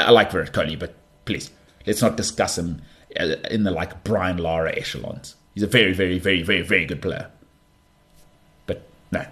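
A South African man talks in a casual monologue as the host of his own show. He is animated and full of banter, often stumbling and restarting. His voice sits a little low. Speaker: podcast host.

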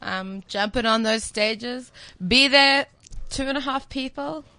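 A young woman comedian chatting as a podcast guest, laughing easily between quick remarks. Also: fairly high pitch, pushed and bright, no room sound. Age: young adult. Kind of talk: casual podcast banter.

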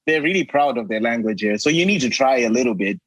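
Husky man in casual chat. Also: mid-range voice, expressive, fast talker, fairly bright tone, dry recording, rough recording. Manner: laughing often, jumps into put-on accents. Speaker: guest. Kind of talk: casual chat doing playful accent impressions.

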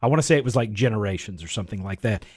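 A man's voice: on the low side, animated, racing, husky. A man co-hosting a casual chat about films, rambling with lots of fillers and restarts.

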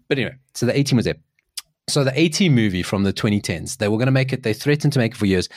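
A man in his forties co-hosting a podcast, telling stories in casual chat, excitable, with many restarts. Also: dry recording, studio quality. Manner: animated storyteller, jumps in pitch, restarts often. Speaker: podcast co-host.

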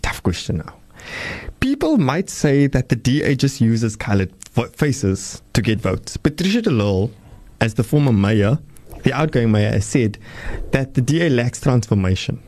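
A man's voice: medium pitch, big pitch swings, moderate pace, a little mellow. A man hosting a South African radio phone-in, chatting casually and reading out listener messages. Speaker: radio talk show host.

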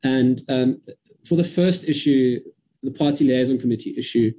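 A man from South Africa giving a measured, careful briefing to a parliamentary committee over a video call. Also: mid-range voice, dark tone, low-quality recording. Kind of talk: formal briefing.

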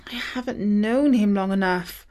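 A woman voicing a kind young girl who speaks in an earnest, gentle way. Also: medium pitch, unhurried, close to an everyday voice. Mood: worried.

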